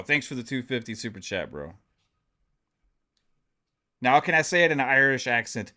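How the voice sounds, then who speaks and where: A man's voice: mid-range voice, big pitch swings, normal speed, long pauses, pushed and bright. A man chatting casually on a live stream, rambling with lots of fillers and swearing freely. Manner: rambling, many fillers, profane.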